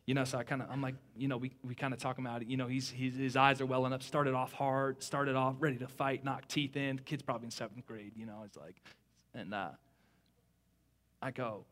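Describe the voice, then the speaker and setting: A young man preaching a sermon in a casual, conversational way, retelling a story with lots of fillers and a hushed voice for the quoted dialogue. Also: mid-range voice, little pitch movement, brisk. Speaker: pastor.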